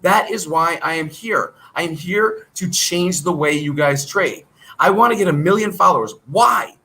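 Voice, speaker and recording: A middle-aged man talks straight to his audience about trading, his voice pitched high and ringing bright. He hammers the same points again and again, firing off questions and answering them himself. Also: normal speed, rough recording. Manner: emphatic, repetitive, rhetorical questions and answers. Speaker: stock trading channel host. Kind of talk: direct-to-camera trading talk.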